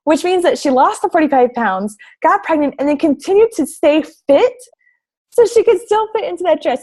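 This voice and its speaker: Bubbly, gushing woman pitching a team. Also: expressive, brisk, a little mellow. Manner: bubbly and gushing, lots of "like" and "oh my gosh". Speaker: fitness coach presenting to prospective recruits. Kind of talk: enthusiastic presentation over slides.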